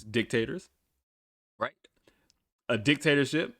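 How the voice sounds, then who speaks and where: A man's voice: medium pitch, normal speed, long pauses, a bit bright, dry recording, clean studio sound. A man hosting a podcast in a casual, blunt way, swearing freely and laughing often as he talks. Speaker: podcast host. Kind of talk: casual talk.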